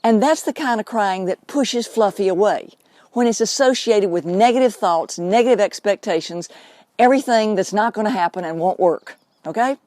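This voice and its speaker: A woman's voice: medium pitch, normal speed, a little mellow, no echo. A woman hosting her own show, talking unscripted to camera in an earnest, explaining way and drawing out words for emphasis. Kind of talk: unscripted direct-to-camera talk.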